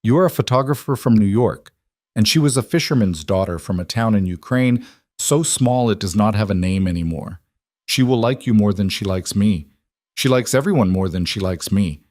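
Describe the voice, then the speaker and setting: A man voicing a reserved crime boss, who speaks calmly in clipped, formal sentences. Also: fairly low pitch, normal speed, no echo, clean studio sound, natural voice. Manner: calm, clipped formal sentences without contractions. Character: quiet controlled reserved male crime boss.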